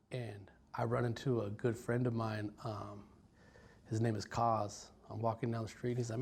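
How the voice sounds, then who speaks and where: A man in his forties from Stockton, California, recounts his life in an interview. He speaks in a halting, reflective way with frequent ums and restarts, and his mid-range pitch barely rises or falls. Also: flat delivery, gravelly, darkish tone, breathy edge. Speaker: violence prevention worker. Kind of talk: personal story told in an interview.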